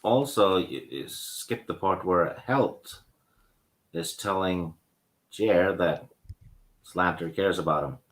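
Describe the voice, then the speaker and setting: A man's voice: sits low, animated, slow pace, long pauses. A man in a casual book discussion, chiming in with plot points the host skipped. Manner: chimes in with added plot points. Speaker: discussion guest.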